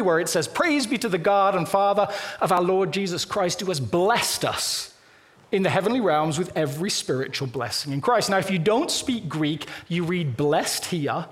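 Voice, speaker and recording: A man preaching a sermon in a church, talking in a conversational, animated way and acting out little quoted lines. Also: high-pitched. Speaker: pastor. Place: church auditorium.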